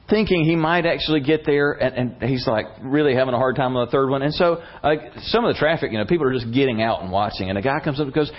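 A man preaching a sermon and telling a story in an animated way, his voice rising at tense moments. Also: fairly high pitch. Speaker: pastor. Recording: slightly dull lo-fi recording.

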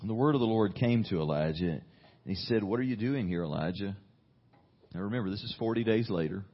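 Husky low-voiced preaching pastor. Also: male voice, brisk, dull audio. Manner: earnest, conversational preaching with emphatic rises. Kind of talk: sermon.

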